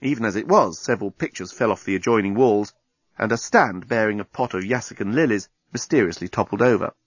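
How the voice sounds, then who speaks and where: A man's voice: on the low side, brisk, slightly rough, no echo. A man narrating a comic science fiction audiobook with a wry manner.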